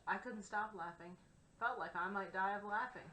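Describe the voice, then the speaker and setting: Bright-voiced woman reading a novel aloud. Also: mid-range voice, moderate pace. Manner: wry, conversational storytelling. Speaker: audiobook narrator. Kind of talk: first-person novel narration. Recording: roomy echo, faint background hiss.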